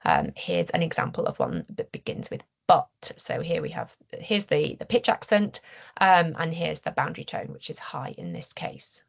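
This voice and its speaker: A woman researcher giving an academic seminar presentation, explaining her findings in a measured way with frequent ums and restarts. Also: low-pitched, huge pitch swings, vocal fry.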